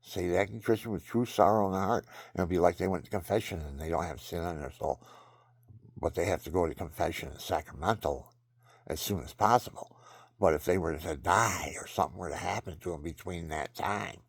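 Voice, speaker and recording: A man's voice: low-pitched, a little fast, husky, no room sound, clean studio sound. An older man rambling through personal stories and religious advice, often restarting sentences and chuckling at himself. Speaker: vlogger telling personal stories.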